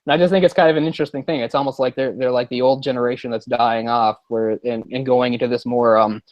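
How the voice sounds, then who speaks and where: A man's voice: medium pitch, fairly even intonation, fast talker, dry recording, highs cut off. A man co-hosting a casual movie discussion podcast, explaining at length with many fillers and restarts. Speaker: podcast co-host.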